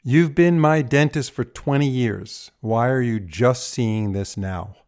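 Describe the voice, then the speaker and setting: A man hosting a podcast interview, asking questions and praising the answers in a measured way. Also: mid-range voice, darkish tone. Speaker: podcast host, dentist.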